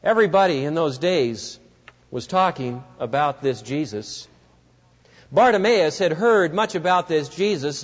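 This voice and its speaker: A man preaching a sermon, telling a story vividly and speaking directly to his listeners. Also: sits high. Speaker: pastor. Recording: dull lo-fi recording with long hall reverb.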